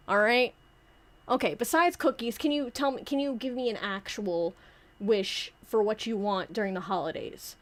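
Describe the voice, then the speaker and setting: A woman's voice: on the high side, moderate pace. A young woman streamer chatting casually in a playful, rambling way, often interrupting herself as she acts out skits with her toys. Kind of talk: casual chat.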